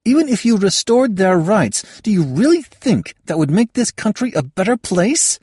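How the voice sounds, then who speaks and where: A man's voice: high voice, big pitch swings, moderate pace, a little mellow, breathy edge, no echo, studio quality, voice pushed up, heavily acted. A man voicing an analytical young woman soldier who presses her point and turns anxious. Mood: pressing.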